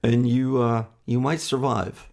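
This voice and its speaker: A man co-hosting a podcast who talks in a halting, easygoing way with many fillers. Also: mid-range voice, flat delivery, vocal fry, darkish tone. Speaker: podcast co-host. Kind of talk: casual chat.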